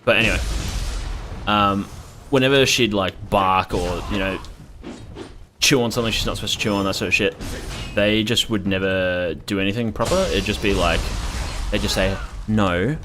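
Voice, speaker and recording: A man's voice: on the low side, steady tone, moderate pace, pushed and bright, soft background music. A young man chatting casually and rambling while playing a game, swearing freely. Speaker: gaming streamer. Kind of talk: casual gameplay commentary.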